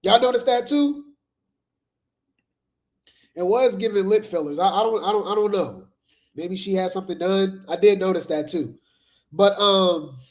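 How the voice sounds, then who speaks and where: Guy with a high voice doing gossip commentary, sarcastic, chatty, y'all this y'all that. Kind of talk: casual commentary.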